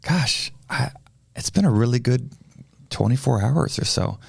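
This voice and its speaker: A man's voice: mid-range voice, animated, measured pace, vocal fry, slightly rough, no room sound, studio quality. A man who is a pastor, co-hosting a podcast in casual, teasing chat. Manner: playful, teasing, chatty.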